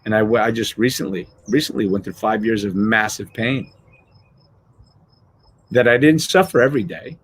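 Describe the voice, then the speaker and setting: A man's voice: on the low side, normal speed, long pauses, slight background noise. A middle-aged man hosting a motivational live show, talking casually and animatedly, swearing freely and acting out everyday scenes.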